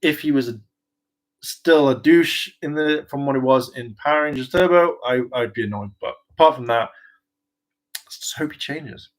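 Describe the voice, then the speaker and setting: A man's voice: mid-range voice, moderate pace. A man chatting casually in a fan vlog, rambling and hesitant with many fillers and restarts, and eagerly enthusiastic. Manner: enthusiastic, often laughing. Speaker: YouTuber discussing a TV franchise.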